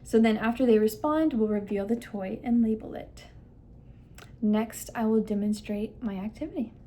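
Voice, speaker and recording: This instructional demo features a young woman speech therapist whose voice is a little high and warm, delivered at a moderate pace. Guiding parents through a listening game step by step, she exaggerates the emphasis on important words.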